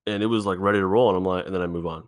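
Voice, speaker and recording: A man hosting a solo podcast, thinking out loud in a halting, rambling way, swearing often, recorded in an indoor room. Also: sits low, fairly even intonation. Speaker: podcast host.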